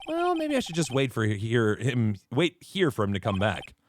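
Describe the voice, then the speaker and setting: A man's voice: mid-range voice, huge pitch swings, moderate pace, slight background noise. A man as a stammering young lawyer. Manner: stammering, earnest. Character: nervous young male defense lawyer. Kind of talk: streamer voicing game dialogue.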